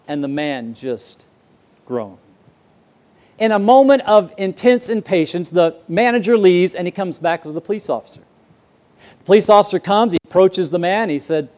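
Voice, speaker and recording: A man's voice: on the high side, animated, moderate pace, darkish tone. Earnest man preaching a sermon. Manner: earnest storytelling, repeats words when starting a sentence. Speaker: pastor. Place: church auditorium.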